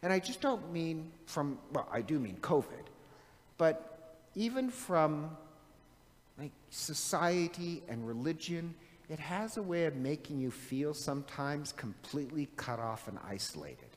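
A middle-aged man preaching a conversational sermon as a priest, animated and chatty, often asking his listeners questions. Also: a little high, unhurried. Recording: long reverb of a large hall.

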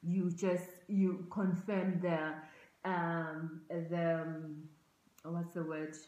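Earnest woman, halting speech, roomy echo. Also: lowish voice, little pitch movement, dark tone, dull audio. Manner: halting, repeats words and restarts phrases. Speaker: speaker on racial oppression. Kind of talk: earnest reflective talk.

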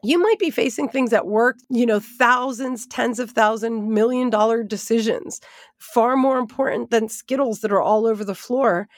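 A woman Bible teacher telling a lively personal story as she leads into a devotional lesson. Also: fairly high pitch, normal speed, no room sound, clean studio sound. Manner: animated, expressive storytelling with asides.

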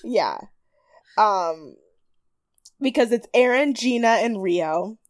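A woman co-hosting a podcast in casual recap chat, animated and often laughing, with a mild stutter. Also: mid-range voice, takes it slowly. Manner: animated, laughing, mimics people in quoted voices. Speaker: podcast co-host.

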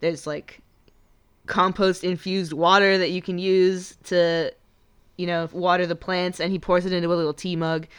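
A woman's voice: lowish voice, level tone, normal speed, clean tone. A woman casually recapping a movie in a chatty, playful way, acting out lines as she goes. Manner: chatty, playful, acts out quotes in voices.

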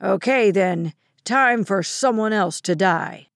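A woman's voice: medium pitch, animated, a little slow, no echo, clean studio sound, natural voice. A woman voicing a commanding, sneering male hijacker with a gun in an audiobook thriller. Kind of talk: audiobook character reading.

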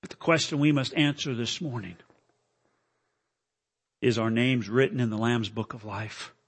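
A male preacher delivering a dramatic sermon at a church service, with emotional, pleading lines that climb high. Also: moderate pace, slightly rough. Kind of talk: dramatic sermon with recited poem.

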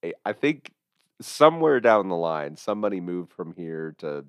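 A man with a Kansas accent and a very low voice, trading jokes as a podcast co-host. He keeps things easygoing and informal. The recording is dry and close to the mic. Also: very animated, moderate pace, clear, resonant tone, no echo. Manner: joking, easygoing. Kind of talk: casual chat.

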